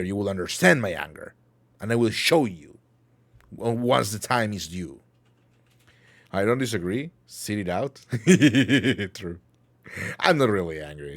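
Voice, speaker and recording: Male livestream host with a lowish voice, rambling and jokey, fakes anger for laughs. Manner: playful, rambling, mock-angry banter with chat. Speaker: talk show host. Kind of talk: casual livestream chat.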